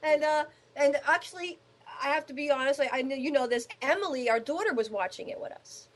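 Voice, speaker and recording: A high-voiced woman hosts a radio talk show and chats with her guest. She talks with eager enthusiasm. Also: fairly quick. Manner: enthusiastic, chatty.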